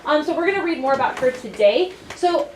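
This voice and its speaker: A woman's voice: high voice, lively intonation, brisk, a little mellow. A woman teaching a class, upbeat and encouraging, playfully hyping the lesson. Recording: echoey room, mic far off, noisy.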